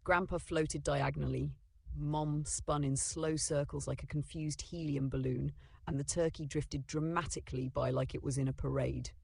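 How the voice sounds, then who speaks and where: A storyteller narrating a children's story in a lively, dramatic way. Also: mid-range voice, moderate pace, vocal fry, slightly rough, dry recording.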